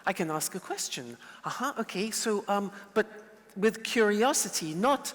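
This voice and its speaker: Brief: animated male lecturer, mid pitch, long hall reverb. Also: normal speed. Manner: lively, playful, animated demonstrations. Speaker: teacher. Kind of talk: lecture with role-play.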